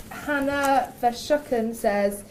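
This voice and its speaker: A woman's voice: on the high side, wildly swooping pitch, extremely slow, gravelly, a little mellow, a little hiss or hum. A woman interviewing an actor, reading out fan questions in a playful, teasing way and laughing often. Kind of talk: casual interview chat.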